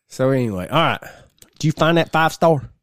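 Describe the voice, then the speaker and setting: A man's voice: a little high, no echo, clean studio sound. A man co-hosting a casual podcast, rambling through stories and laughing often. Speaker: podcast co-host.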